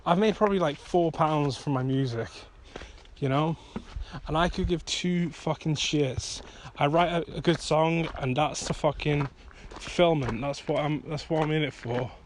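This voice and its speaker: A man's voice: a little high, fairly even intonation, unhurried, slight background noise. A man talking frankly while walking outdoors at night, rambling and swearing freely as he gets heated. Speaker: vlogger and songwriter. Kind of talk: casual rambling monologue.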